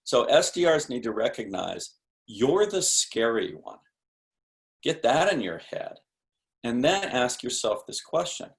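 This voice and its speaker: A man's voice: medium pitch, sing-song, a little slow. A man speaking as a sales expert guest in a podcast interview, explaining in an emphatic, punchy coaching tone with rhetorical questions.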